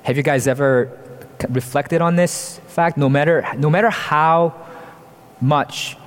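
A man preaches in an earnest, explaining manner, often turning to his listeners with rhetorical questions. His voice sits somewhat high for a man. A long reverb trails each phrase, as in a large church sanctuary. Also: measured pace. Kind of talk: sermon.

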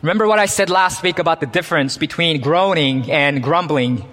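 High-voiced preacher in a reverberant hall. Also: male voice, fairly quick, fairly bright tone. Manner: earnest, quotes scripture with rising emphasis. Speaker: pastor. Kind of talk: sermon. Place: church.

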